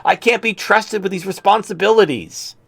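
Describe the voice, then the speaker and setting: A man putting on a mocking voice of a helpless woman begging like a child, high and drawn out. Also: creaky, a bit bright, husky, full character voice. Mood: mocking whine. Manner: mocking falsetto, drawn-out pleading.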